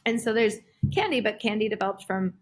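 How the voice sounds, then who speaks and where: A woman in her thirties talking casually as a podcast guest, animated, with lots of "like" and "um". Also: medium pitch, fairly quick, very noisy. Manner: animated, full of fillers like "like" and "um". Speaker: guest, performer and creative director.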